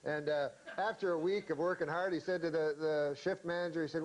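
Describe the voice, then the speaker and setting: A male comedian telling a long joke in a deadpan, rambling, hesitant way. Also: fairly high pitch, fairly quick, hardly any pauses. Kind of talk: deadpan shaggy-dog storytelling. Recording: noisy archive recording.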